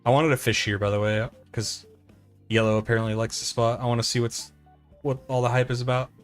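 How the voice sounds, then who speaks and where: A man's voice: medium pitch, flat delivery, a little fast, faint music behind. A middle-aged man streaming gameplay, chatting casually and telling a rambling, self-deprecating story full of "like" and restarts. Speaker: live streamer. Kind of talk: casual live-stream chat over gameplay.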